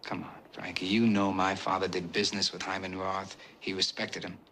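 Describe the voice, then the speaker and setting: An actor playing a young mob boss who speaks quietly, measured and controlled. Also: male voice, sits low, little pitch movement, a little hiss or hum. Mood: cold. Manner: quiet, measured, soft-spoken. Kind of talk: film drama acting.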